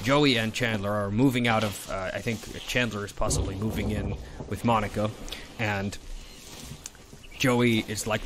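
A man's voice: on the low side, fairly even intonation, unhurried, pauses often. A man chatting casually and telling a rambling, joking story while streaming a game alone. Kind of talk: casual solo stream chat. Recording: game music playing behind.

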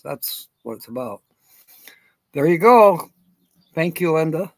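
A man's voice: on the high side, expressive, takes it slowly, vocal fry, pauses often, no echo. A man hosting a casual live stream outdoors, rambling and chuckling as he answers viewers by name. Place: outdoors in sunshine.

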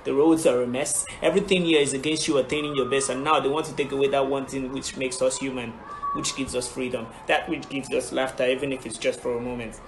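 A man's voice: mid-range voice, fairly even intonation, fast, background noise. A man introducing himself and delivering an impassioned monologue. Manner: earnest, impassioned. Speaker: reality show contestant. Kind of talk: audition video, spoken-word monologue. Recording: echoey room with music.

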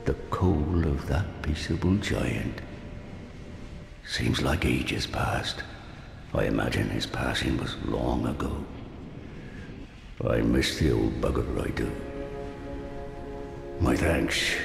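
An actor playing a kindly, humble old male blacksmith who talks slowly in old-fashioned folksy speech. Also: full character voice. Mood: wistful. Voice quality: deep gravelly voice. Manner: slow, archaic folksy speech. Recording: roomy game audio with reverb and music.

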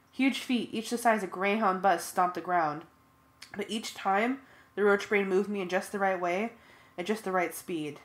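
A woman narrating a fan audiobook in plain first-person storytelling. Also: mid-range voice.

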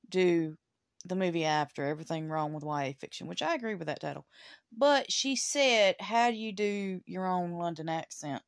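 A woman's voice: on the low side, dry recording, clean studio sound. A woman movie reviewer answering a viewer's question in a casual, rambling vlog, stopping to search for words. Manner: rambling, chatty, self-interrupting.

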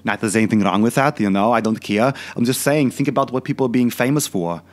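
A man's voice: medium pitch, fast talker, lightly acted. A man playing a boastful, crude older Austrian bodybuilder turned film star in a comedic rant, with a heavy put-on Austrian accent. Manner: crude, ranting, boastful, repetitive filler questions. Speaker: fitness channel host.

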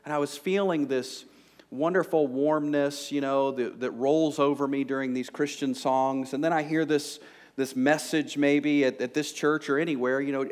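A man preaching a sermon to a congregation, conversational and joking, with frequent fillers like "you know". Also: on the high side. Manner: conversational, humorous, lots of fillers. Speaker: pastor. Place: church sanctuary before a congregation.

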